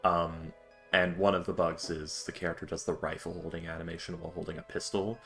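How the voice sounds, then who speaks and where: A man's voice: low-pitched, level tone, brisk, fairly bright tone, soft background music. A man playing in an online tabletop game, chatting casually and rambling through explanations between laughs. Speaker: player.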